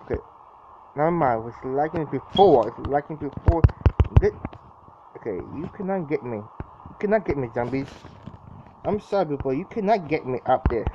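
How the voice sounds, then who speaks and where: A man's voice: a little high, lively intonation, normal speed, pauses often. A young man commentating his own gameplay in a casual, jittery way, exclaiming often and repeating himself. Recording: dull lo-fi mic with clear background noise.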